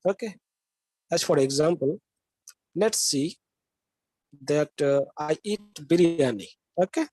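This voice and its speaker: A man's voice: fairly high pitch, slow pace, pauses often, darkish tone, no echo, poor audio. A man with an Indian English accent giving a classroom lecture, often checking in with students and asking them questions. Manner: talks with frequent "okay?" checks and questions to students.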